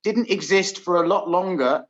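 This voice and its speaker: An English man hosting a casual chat, telling stories in a lively way and laughing often. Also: high voice, normal speed. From England. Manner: lively storytelling with frequent laughs. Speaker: host. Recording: dull lo-fi sound.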